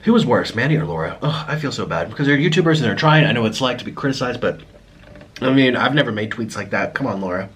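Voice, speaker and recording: A man's voice: medium pitch, animated, fast talker, a bit bright. Man vlogging while eating. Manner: chatty and apologetic, talking between bites with a full mouth. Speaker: mukbang vlogger. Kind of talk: casual talk while eating on camera.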